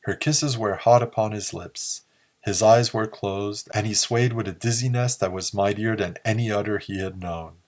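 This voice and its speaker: A man narrating a pulp story in a slow, measured reading. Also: lowish voice, fairly even intonation, a little mellow. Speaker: audiobook narrator.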